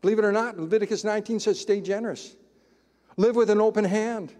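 A male pastor with a strikingly high voice delivers a sermon from the pulpit. His preaching is emphatic and conversational, leaning on dramatic pauses. The sound carries a long hall reverb. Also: fairly even intonation, a little mellow. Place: church sanctuary.

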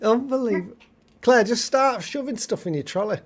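A woman's voice: on the high side, normal speed. A woman co-hosting a casual live stream, chatty and teasing, often exclaiming. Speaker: livestream co-host.

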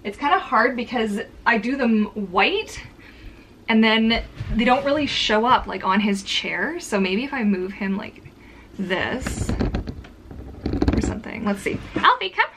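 A woman's voice: a little high, measured pace, noisy background. A woman chatting casually to camera from a filming corner at home, rambling with lots of filler words. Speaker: vlogger. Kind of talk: casual vlog chat to camera.

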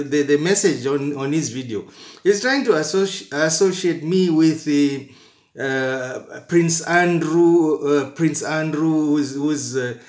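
Stammering, indignant man in an echoey room. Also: a little high. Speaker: comedy channel host in character. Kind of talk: satirical comic monologue.

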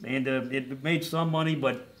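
A man's voice: medium pitch, steady tone, normal speed, a bit bright. Rambling man hosting a countdown. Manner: rambling, self-correcting, wry asides. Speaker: co-host of a top ten list show. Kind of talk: casual joking commentary.

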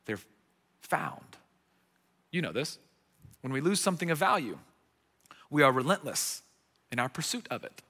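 A middle-aged man preaching a sermon as a guest pastor, telling a story with lively acted-out voices. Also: a little high, fairly quick, pauses often, long reverb tail. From United States. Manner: animated storyteller, acting out quoted voices. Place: church sanctuary.

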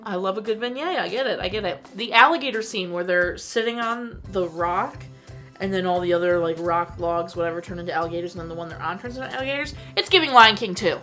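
A young woman chats about a movie she loves, gushing and full of filler words. Her voice sits at an ordinary middle pitch, and faint music plays under her talk. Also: quick pace, bright, forceful tone. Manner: gushing, enthusiastic, frequent "like" fillers. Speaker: movie reviewer. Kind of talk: casual chat.

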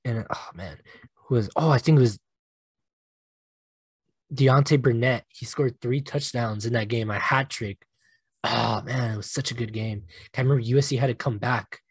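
A young man hosting a solo sports podcast, animated and emotional, swearing casually and laughing at himself. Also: mid-range voice, moderate pace, breathy edge, no echo. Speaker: podcast host.

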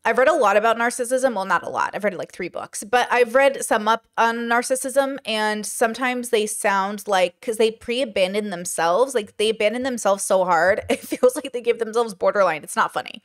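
Chatty woman reacting to a clip. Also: on the high side. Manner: chatty, thinks aloud, pauses the clip to comment. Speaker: commentary streamer. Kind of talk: reaction commentary.

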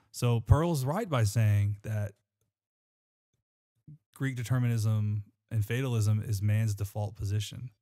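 A man's voice: on the low side, warm tone. Earnest man reading scripture. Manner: earnest, rambling with restarts. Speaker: podcast co-host. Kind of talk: scripture reading and casual chat.

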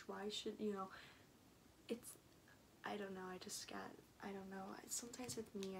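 A young woman talks through a casual video diary in a chatty, rambling way, often sinking into a whisper. Her pitch sits in a middle range. A faint hiss of ambient noise runs under the camera mic. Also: poor audio. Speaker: vlogger.

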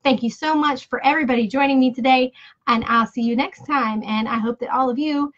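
A woman's voice: high-pitched, fairly quick, fairly bright tone. A woman hosting a casual live giveaway stream, chatty and playful with jokey asides. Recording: dull lo-fi live-stream audio.

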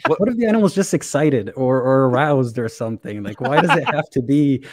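Man, mid pitch, quick quips, stammering starts, dry close mic. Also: expressive, no room sound. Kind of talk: casual podcast chat.

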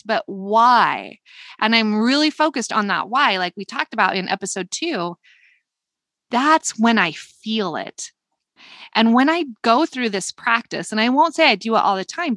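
A woman co-hosting a podcast, talking in an earnest, reflective way. She slows down to stress her points, with a voice of middle pitch. The recording is close and dry. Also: bright, forceful tone, no echo. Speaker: podcast co-host. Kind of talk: casual podcast chat.

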